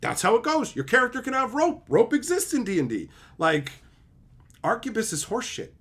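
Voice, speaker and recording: A man's voice: very high-pitched, wildly swooping pitch, fairly quick, a bit bright, slightly rough. A man streamer delivering a heated, profane, sarcastic rant, mocking his opponents in put-on voices. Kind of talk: ranting commentary.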